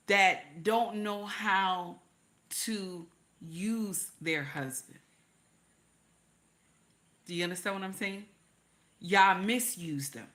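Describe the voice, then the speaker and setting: An older woman runs a live stream where she hands out casual relationship advice to her viewers. She's animated, says things more than once, and lowers her voice to a confiding murmur when she wants something to land.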